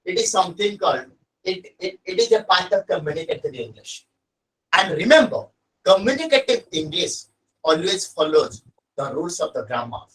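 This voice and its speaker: A man's voice: high voice, very animated, normal speed, fairly bright tone, far from the mic, poor audio. A man with an Odia Indian accent teaching an English lesson, stressing and repeating his key points to students. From Odisha, India. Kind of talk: classroom lesson.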